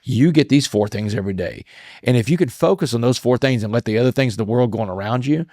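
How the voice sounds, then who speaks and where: A man's voice: medium pitch, lively intonation, quick pace, dark tone, no echo, studio quality. A middle-aged man telling a personal story as an interview guest, earnest and emotional, often repeating his words.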